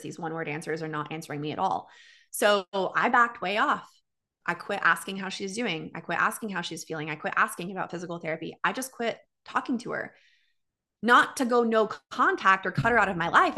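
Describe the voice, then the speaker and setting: Bright-voiced woman telling a personal story. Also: fairly low pitch. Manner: candid, animated retelling with quoted dialogue.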